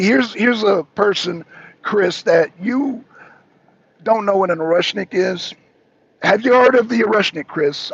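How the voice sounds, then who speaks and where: Stream host, male, raised pitch with a raspy edge, keeps hammering his point and argues with chat. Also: no echo, lo-fi sound. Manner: emphatic, repeats himself, argues back. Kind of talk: livestream commentary answering chat.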